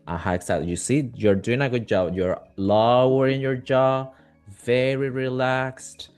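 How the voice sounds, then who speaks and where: A man's voice: mid-range voice, steady tone, measured pace, darkish tone, clean tone, faint music behind. A man whose first language is Spanish teaching a live online English pronunciation class over a video call, patient and encouraging as he models sounds.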